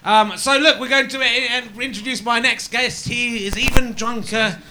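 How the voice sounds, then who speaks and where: A man hosting a live comedy show on a club stage, excitable and loud, introducing a guest. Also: very high voice, normal speed. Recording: live club with crowd noise.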